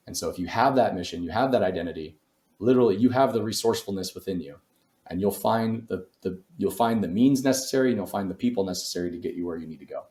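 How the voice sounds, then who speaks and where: A man's voice: fairly low pitch, dark tone, echoey room. A man telling a story as a real estate investor guest in a podcast interview, speaking emphatically and in a motivational way.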